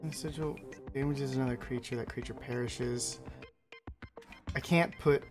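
A man streaming a card game, chatting with his viewers and reading the game's text aloud between quick reactions. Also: mid-range voice, fairly even intonation. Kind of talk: casual let's-play commentary with chat. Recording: faint game music behind the voice.

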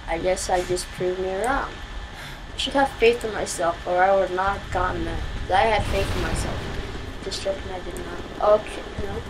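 A woman giving live commentary on a shooter game, excitable and quick to shriek and wail when scared. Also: on the low side, background noise. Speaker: gameplay commentator.

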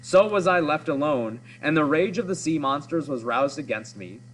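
A proud hero warrior tells of his deeds in a solemn, deliberate way with old-fashioned wording, as a man reads him aloud. The voice is somewhat high for a man. Faint background noise is present. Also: animated, close to an everyday voice, rough recording. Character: boastful brave male hero warrior. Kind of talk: read-aloud of a story.

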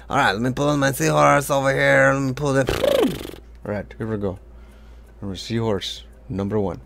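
Gravelly laid-back man drawing along. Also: mid-range voice, fairly even intonation, moderate pace, fairly bright tone, a little hiss or hum. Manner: rambling, loose, full of "like" and sound effects. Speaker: art teacher. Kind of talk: casual draw-along tutorial.

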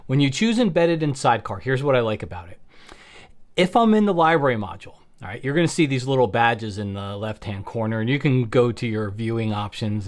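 A man walks through a software tutorial in a relaxed, explanatory way, voice pitched in the middle range. He keeps checking in with the listener with quick "okay"s and "all right"s as he goes. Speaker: photography software instructor. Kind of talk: screen-recorded software tutorial.

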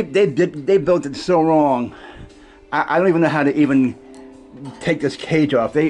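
A man rambles to his camera in a casual vlog, stumbling over his words and repeating himself as he goes. His voice sits at an ordinary middle pitch, with faint music playing behind him. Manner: halting, repeats words, many fillers. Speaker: vlogger.

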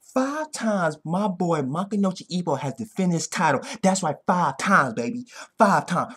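Husky guy with a wildly swinging pitch, excitable reaction-vlog host, curses and yells. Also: moderate pace. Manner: excitable, profane, bursts into yelling. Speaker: anime reaction vlogger. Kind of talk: hyped casual recap.

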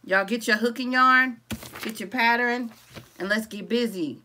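A woman with a slightly high voice speaks at a measured pace over slight background noise while hosting a live crochet tutorial. She's relaxed and chatty, calling viewers "y'all," greeting them by name, and reading their comments aloud as she works.

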